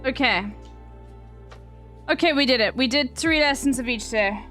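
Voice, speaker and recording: A woman's voice: high voice, normal speed, fairly bright tone, faint music behind. A woman streamer chatting casually on a live stream, blunt and slangy, with frequent swearing.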